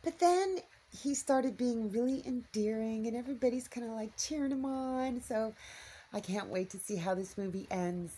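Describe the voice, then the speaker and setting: A woman's voice: fairly high pitch, normal speed, mellow, slight background noise. A woman chatting casually to the camera in a homestead vlog, rambling and thinking aloud as she goes. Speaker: homestead vlogger. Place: small home at night, later outdoors in the yard.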